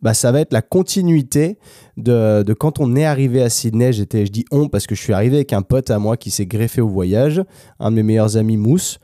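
A man's voice: mid-range voice, fast, mellow, dry recording, studio quality. A French man, a native French speaker, hosting a language practice podcast in an unscripted, casual monologue, thinking aloud with many restarts and fillers. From France. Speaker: host of an English practice podcast.

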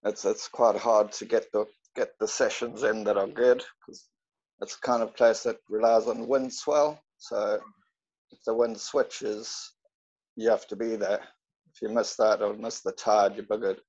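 A man's voice: lowish voice, fairly even intonation, unhurried, a little mellow, highs cut off. A man from South Africa with a South African accent, a laid-back podcast guest who laughs often. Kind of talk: casual chat.

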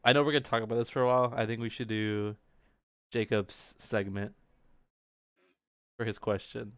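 A man's voice: on the low side, little pitch movement, normal speed, fairly bright tone, clear, resonant tone, no echo, studio quality. A young man co-hosting a casual podcast, laughing often and telling stories with animation. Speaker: podcast co-host. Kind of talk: casual chat.

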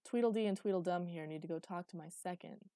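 A woman reading the lines of a big, gruff male commander in an audiobook, in a dry recording. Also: sits high, fast talker, warm tone, no room sound, natural voice. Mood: steady. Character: big deep-voiced calm male commander.

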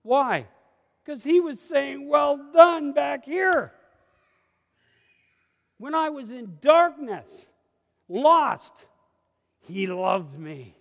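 A man preaching a sermon with passion, swinging between hushed confiding and sudden exclamations. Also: extremely high pitch. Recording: long hall reverb.

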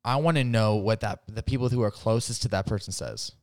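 Smooth-voiced man in rambling podcast chat. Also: fairly low pitch, a little fast, darkish tone, no echo, studio quality. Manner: rambling, filler-heavy, laughs while retelling stories. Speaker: podcast guest.

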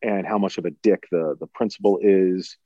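Podcast co-host, forties, low warm voice, dry lo-fi sound; thoughtful and long-winded. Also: male voice, fairly even intonation, normal speed, dry recording. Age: 40s. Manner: thoughtful, builds long points with restarts. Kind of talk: casual film discussion. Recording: dull lo-fi sound.

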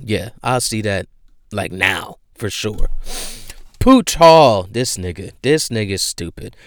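A young man hosting casual celebrity news commentary, ranting loudly and in disbelief with street slang and profanity. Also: mid-range voice, clear, resonant tone, dry recording, studio quality. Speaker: host.

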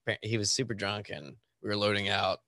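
A man, a guest musician, telling a bar story in casual podcast chat, animated and laughing often. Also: lowish voice, fairly quick, dry recording.

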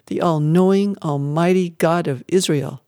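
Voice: mid-range voice, a little slow, a little mellow, clear, resonant tone, no echo, studio quality, natural voice. A reader voicing Elijah, a harsh wild prophet. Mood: solemn. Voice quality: harsh, gritty. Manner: fiery, declaiming. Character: wild harsh older male desert prophet. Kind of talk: audiobook character voice.

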